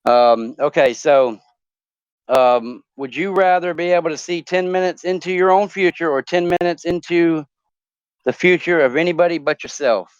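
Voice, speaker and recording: A man's voice: a little high, normal speed, clean tone, no room sound, lo-fi sound. A man hosting a casual talk show, joking and rambling through would-you-rather questions with lots of fillers.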